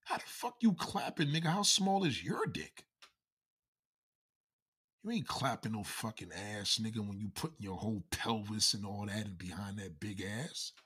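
A man's voice: lowish voice, lively intonation, normal speed, a bit bright, slightly rough. A man giving a heated, mocking, profanity-filled comedic rant to his viewers. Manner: heated, mocking, swears constantly. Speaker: vlogger.

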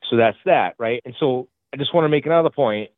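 A man with a heavy Boston accent rambles through his points with frequent fillers and restarts. He is calling in over a tinny phone line that sounds dry and close. His pitch sits in a middle range. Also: a little fast, no echo. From Boston area. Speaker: caller. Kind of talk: call-in talk. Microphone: phone call.

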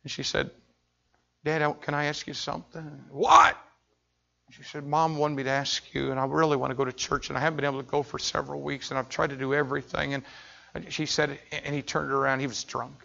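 A man preaching a sermon as pastor, telling a story with intense swings from shouting to hushed tones. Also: medium pitch, flat delivery, fast talker, creaky, muffled recording.

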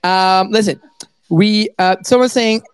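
A man's voice: high-pitched, measured pace. A man hosting a live show, talking in casual, hyped banter, swearing freely and repeating himself. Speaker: podcast host.

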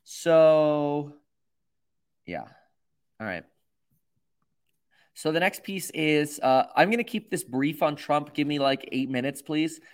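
A man's voice: on the high side, expressive, takes it slowly, long pauses. A man hosting a livestream, rambling and self-mocking with lots of fillers. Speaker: host. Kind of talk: livestream commentary.

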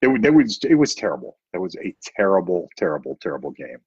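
Deep husky man, blunt opinions. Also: sing-song, fast talker, a little mellow, no echo, highs cut off. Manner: opinionated, blunt, swears casually. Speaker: podcast co-host. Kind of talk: casual chat.

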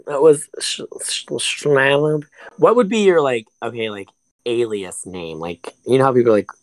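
A man's voice: mid-range voice, expressive, normal speed, no room sound, low-quality recording. A man co-hosting a casual podcast, telling loose rambling stories and laughing often. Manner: rambling storyteller, laughs a lot. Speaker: podcast co-host.

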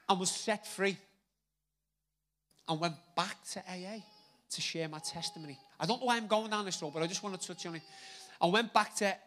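High bright animated male preacher. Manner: animated, jokey, repeats words for emphasis. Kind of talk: sermon.

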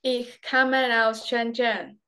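Bright-voiced woman from China, slow and careful. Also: a little high, fairly even intonation, smooth. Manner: short, careful repetitions. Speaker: language learner. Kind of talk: lesson practice responses.

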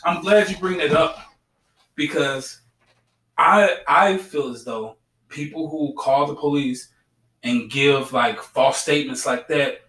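A man's voice: a little high, takes it slowly, fairly bright tone, recorded from a distance. Blunt man, roomy and set back. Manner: blunt, preachy, repeats himself. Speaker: podcast co-host. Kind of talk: casual podcast chat.

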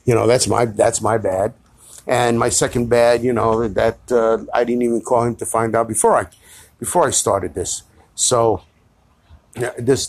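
Rambling New podcast host, dry sound. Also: male voice, on the low side, darkish tone, dry recording. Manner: rambling, swearing, self-deprecating. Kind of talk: rambling solo podcast monologue.

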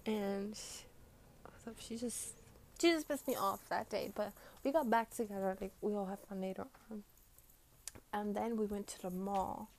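A woman's voice: mid-range voice, normal speed. A young woman telling a rambling, profane storytime, often quoting her friends. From Brooklyn, New York. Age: young adult. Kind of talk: casual storytime.

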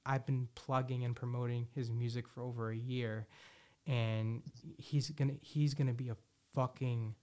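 Speaking at a moderate pace, this man's medium-pitched voice stays level and has a dark tone. He hosts a podcast alone, chatting loosely with lots of false starts and filler words, cursing openly, and enthusiastic about his music predictions.

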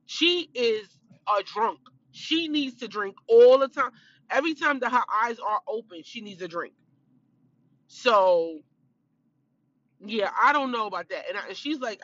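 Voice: medium pitch, lively intonation, a little slow, a bit bright, no room sound, lo-fi sound. Blunt, emphatic reality show commentator. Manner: blunt, emphatic, repeats points. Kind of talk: casual opinionated commentary.

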